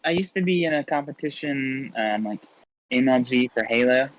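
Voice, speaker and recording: A man chats casually as a podcast guest, laughing often while he tells his stories. His voice sits at an ordinary middle pitch. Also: lively intonation, moderate pace, crowd noise, rough recording. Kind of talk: casual chat.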